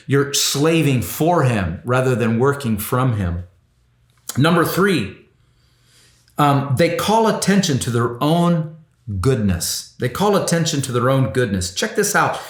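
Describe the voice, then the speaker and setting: A man preaching a sermon, animated, who repeats his words and often asks "see?". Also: medium pitch, reverberant.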